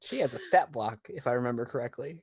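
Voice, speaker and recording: A tabletop game player speaking in character in a deliberate, matter-of-fact way. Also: medium pitch, expressive, breathy edge, no room sound.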